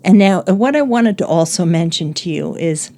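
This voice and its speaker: A woman's voice: lowish voice, lively intonation, moderate pace, warm tone. Chatty older woman discussing a book. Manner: chatty, laughs often, quotes lines in other voices. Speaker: guest, host's mother.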